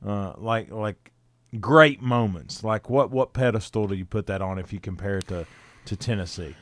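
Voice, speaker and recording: A man co-hosting a sports talk show, retelling a story in a lively way with laughs and acted-out quotes. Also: fairly low pitch, dry recording. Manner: animated retelling, laughing, with quick quoted voices. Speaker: sports radio co-host.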